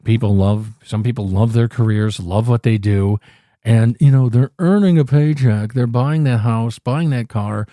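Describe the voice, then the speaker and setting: A smug, well-paid worker who loves his career speaks in a low, sulky drawl that mocks what it says, as an American man in his fifties puts him on. The voice sits several notes below the speaker's normal one and sounds set back from the mic, in a close, dry recording. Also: a little slow, mellow, no room sound, natural voice. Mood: mocking. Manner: lower, sulky mocking tone.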